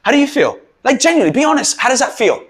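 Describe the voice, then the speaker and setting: Man, motivational coach, husky bright voice, lively pitch, yells chants at his team. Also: racing. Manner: rousing, leads loud shouted chants. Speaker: mental performance coach.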